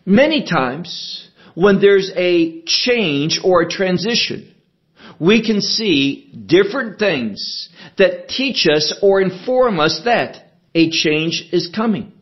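A man teaching a sermon verse by verse, deliberate and emphatic, asking rhetorical questions as he explains the text. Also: high-pitched, animated, lo-fi sound. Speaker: Bible teacher.

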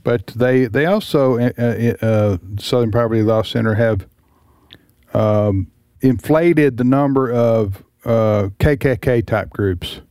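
A man's voice: medium pitch, slow pace, warm tone, clean tone, no room sound. Guy hosting talk radio, lots of uhs and restarts, dry close sound. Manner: hesitant, many restarts and fillers. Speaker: radio talk show host. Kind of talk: casual radio chat.

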